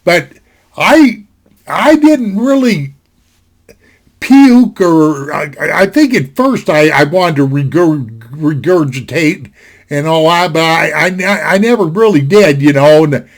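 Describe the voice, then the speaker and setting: A man with a fairly high voice spins a yarn to camera from his home. His talk rambles in a folksy way, loaded with fillers and false starts. He is recorded on a desktop computer mic. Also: lively intonation, slow. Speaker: vlogger telling a personal story. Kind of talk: casual storytelling to camera.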